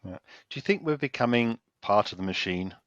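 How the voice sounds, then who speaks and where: A man's voice: lowish voice, lively intonation, a little fast, fairly bright tone, no echo, dull audio. A male interview host who talks over a video call and rambles while he searches for words. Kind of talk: conversational interview.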